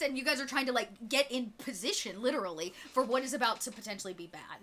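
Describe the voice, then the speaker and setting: A woman's voice: on the high side, expressive, fast, few pauses, a bit bright. A woman narrating a tabletop role-playing game as game master, in a loose, chatty way with many fillers.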